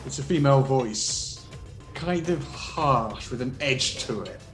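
Game master with a roomy echo. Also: male voice, mid-range voice, measured pace. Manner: rambling, relaxed storytelling with fillers. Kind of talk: narrating a tabletop game. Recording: roomy echo, faint music.

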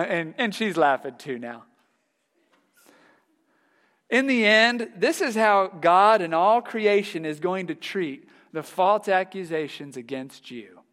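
A male pastor preaching a sermon, telling stories in a lively, animated way and laughing along with them. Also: high voice, in a large hall. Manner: storytelling, laughs heartily while telling anecdotes.

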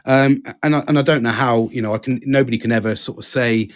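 A man hosting a podcast, talking earnestly in a halting, casual way and swearing freely. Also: mid-range voice, steady tone. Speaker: podcast host. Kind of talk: casual chat.

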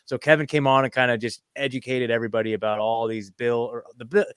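A man's voice: mid-range voice, flat delivery, fast, fairly bright tone, smooth, no echo. A man co-hosting a loose online talk show, wandering through his points with plenty of fillers and restarts. He is recorded dry and close, with no room sound. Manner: rambling, many fillers and restarts. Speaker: co-host of a news show. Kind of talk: casual group chat.

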